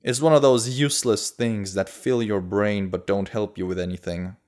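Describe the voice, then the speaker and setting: A man's voice: on the low side, steady tone, normal speed, natural voice. A man voicing a brash, ruthless human bandit leader in an audiobook, talking in a cocky, offhand way. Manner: cocky, offhand, shouts when demanding.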